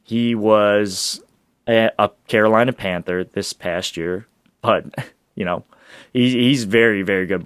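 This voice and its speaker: A man hosting a solo sports podcast, talking in an excitable, rambling way with restarts and laughs. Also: low-pitched, dry recording, studio quality. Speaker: podcast host.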